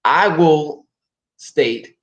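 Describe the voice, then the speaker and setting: A man co-hosting a relationship talk show, animated and acting out people in voices. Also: very slow, dull audio. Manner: animated, acts out people in shouted high put-on voices. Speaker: podcast co-host.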